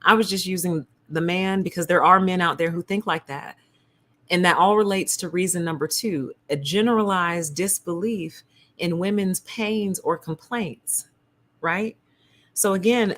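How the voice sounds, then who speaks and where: A woman's voice: lowish voice, fairly bright tone. A woman hosting a casual commentary stream, speaking emphatically and straight to her viewers. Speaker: host. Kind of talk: casual commentary to a live audience.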